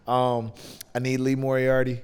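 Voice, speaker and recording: A man's voice: mid-range voice, completely flat delivery, measured pace, clear, resonant tone. Laid-back Southern US man, hall reverb. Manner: laid-back, rambling, with many fillers. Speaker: guest, pro wrestler. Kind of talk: casual chat.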